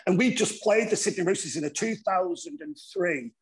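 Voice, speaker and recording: A middle-aged man with a northern English accent, a former rugby player telling stories in a casual interview, animated and swearing freely. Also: high-pitched, a little fast. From northern England. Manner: animated, swears freely, acts out voices in anecdotes.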